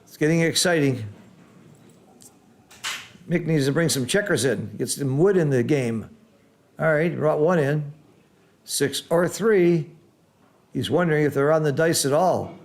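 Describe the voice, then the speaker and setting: Brief: man, game commentator, slightly high voice, excitable, teacher's patient explanations. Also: a little slow, pauses often. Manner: excitable, exclaims loudly at big rolls, then explains calmly.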